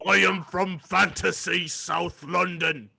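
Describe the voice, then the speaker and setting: A man's voice: high-pitched, steady tone, slow, creaky, pushed and bright, slight background noise. A man playing a tabletop game, chatting with dry, laughing asides. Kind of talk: casual game chat.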